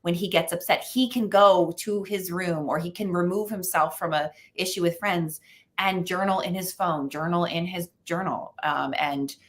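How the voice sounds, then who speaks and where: Lowish-voiced woman from the us, parenting expert on an interview show, chatty and animated with lots of ums. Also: moderate pace. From United States. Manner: animated storytelling with frequent fillers. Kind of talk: conversational interview.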